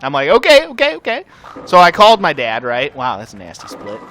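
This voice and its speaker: A young man hosting a gaming channel, telling a rambling, profane story over gameplay in a casual, animated way. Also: mid-range voice, quick pace.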